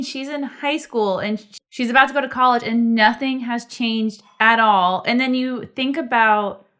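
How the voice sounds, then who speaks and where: A woman's voice: fairly high pitch, normal speed, fairly bright tone, clear, resonant tone. A woman in her thirties co-hosting a podcast, chatting casually in an earnest, reflective way. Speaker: podcast co-host. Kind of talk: casual chat.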